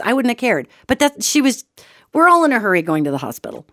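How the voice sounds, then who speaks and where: Speaking quickly in a slightly high voice, a woman recounts a dramatic personal story on her radio show. Her lively monologue moves between loud bursts and hushed asides, and she calls her audience "gang." The studio-quality recording has no echo.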